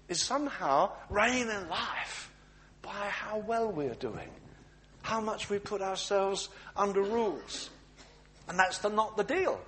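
A man preaches informally, stumbling over repeated words and restarting his sentences as he tells stories. His voice sits a bit high for a man, with a faint noise hum behind him. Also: fairly bright tone. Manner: anecdotal, stammering restarts, acts out dialogues. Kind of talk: sermon.

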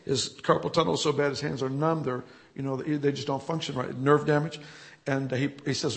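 Gravelly-voiced man telling church testimonies. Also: a little high, fairly quick, slight background noise. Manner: storytelling, chuckling, grows animated and loud. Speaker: church leader. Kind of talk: telling healing testimonies in an interview.

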